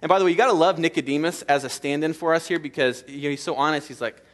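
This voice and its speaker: A man's voice: on the high side, fast, few pauses. A middle-aged man preaching a sermon in a church, with an emphatic, repetitive cadence that builds through lists of short phrases. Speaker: pastor. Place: church sanctuary.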